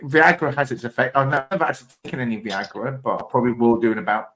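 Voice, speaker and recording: Quiz host: man, mid-pitched, jokey and rambling, casual banter. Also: quick pace, pushed and bright.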